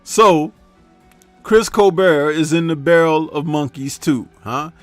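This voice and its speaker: A slightly high-voiced man runs a loose, chatty live show, answering viewer comments as he reads them out. He keeps tossing in a teasing "huh?" and laughs along at his own jokes. The voice sounds dry and close, with soft music faintly underneath. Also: slow, dry recording. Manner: reads viewer chat aloud and talks back to it. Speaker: host. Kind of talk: casual live-stream commentary.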